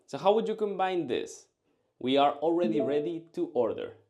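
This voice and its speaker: A man teaching a language lesson, drilling short phrases and answers in a slow, carefully enunciated way. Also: fairly high pitch, lively intonation, a little mellow.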